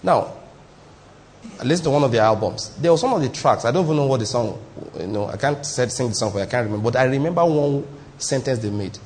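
A man preaching a sermon, animated and repetitive, often laughing as he tells stories. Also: mid-range voice, fast, slight background noise. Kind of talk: sermon with storytelling.

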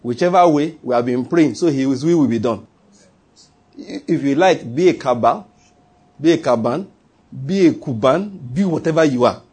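A man's voice: medium pitch, animated, moderate pace, darkish tone, breathy edge. A man preaching a sermon as pastor, talking in a conversational way, repeating his key phrases and asking the congregation questions.

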